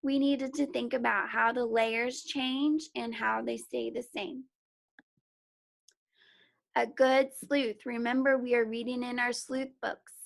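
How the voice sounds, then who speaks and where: A woman teaching young children to read from home. She talks slowly and patiently, sounding out letters and praising each try. Her voice sits a little high with a gravelly edge. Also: little pitch movement. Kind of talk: remote phonics and reading lesson for young children.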